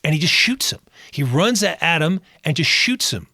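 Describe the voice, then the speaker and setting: A man's voice: on the high side, sing-song, moderate pace, bright, forceful tone, dry recording, clean studio sound. A man co-hosting a podcast, retelling film scenes in casual chat and acting out the characters' lines. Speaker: podcast co-host.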